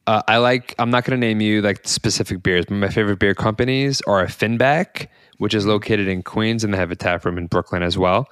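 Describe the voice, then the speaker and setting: A man hosting a casual podcast chat, excitable and rambling. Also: lowish voice, brisk, few pauses, clear, resonant tone, dry recording, studio quality. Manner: excitable, rambling, many fillers and restarts. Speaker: podcast host.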